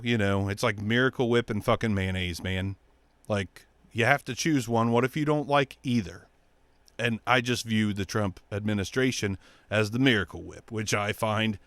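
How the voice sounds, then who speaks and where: A man hosting his own show, ranting bluntly about politics with heavy swearing and mocking, squeaky impressions of other people. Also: fairly bright tone, no room sound. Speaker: show host. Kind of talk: profane political rant.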